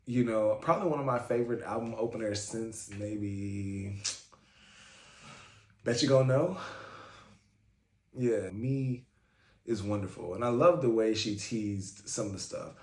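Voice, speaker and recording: A man's voice: lowish voice, a little mellow. A man hosting a casual album reaction, talking in a chatty, fan-like way with lots of fillers. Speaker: music reaction host. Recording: roomy echo, faint music.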